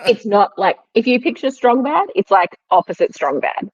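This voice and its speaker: A woman's voice: fairly high pitch, sing-song, normal speed, slightly rough, no room sound, muffled recording. A woman co-hosting a podcast, chatting casually and laughing often. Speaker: podcast co-host. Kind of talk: casual chat.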